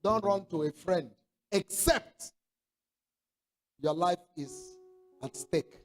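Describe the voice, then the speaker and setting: A man's voice: sits high, measured pace. A man preaching a sermon, emphatic, repeating his points and calling for response from the congregation.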